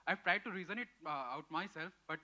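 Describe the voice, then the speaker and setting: A man's voice: fairly high pitch, fairly quick, bright, forceful tone. A young man in the audience asking a question hesitantly, with many fillers, far from the microphone. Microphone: far from the mic in the audience.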